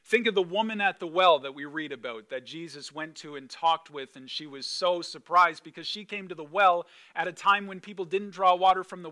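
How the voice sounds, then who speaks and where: A male pastor preaching a conversational sermon, animated and emphatic, with repeated phrases. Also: sits high.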